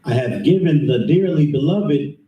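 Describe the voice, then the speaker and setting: A man reading scripture aloud in a steady, careful way during a class. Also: a little high, moderate pace, roomy sound, far from the mic, a crowd in the background, poor audio.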